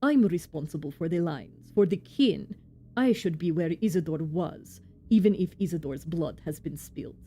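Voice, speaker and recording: A woman voicing a huge, scarred male slaughterhouse foreman in a slow, heavy, clipped way, with a put-on Russian accent. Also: low-pitched, expressive, mellow, slight background noise. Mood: indignant. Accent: attempted Russian accent.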